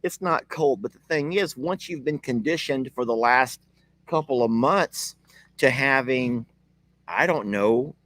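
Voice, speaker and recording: A man's voice: mid-range voice, a little slow, fairly bright tone, dry recording. A man hosting a casual live video from his ranch, chatting with viewers and laughing often. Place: outdoors at a ranch.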